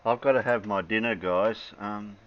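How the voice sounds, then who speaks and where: Australian man, host, low-ish voice, easygoing chat; muffled call audio with a faint hiss. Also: steady tone, moderate pace. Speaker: show host. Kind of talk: casual online chat.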